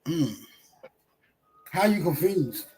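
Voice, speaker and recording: A man's voice: on the high side, animated, takes it slowly, warm tone, breathy edge. A man hosting a casual livestream, greeting viewers and teasing callers with loose, profane banter. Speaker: livestream host.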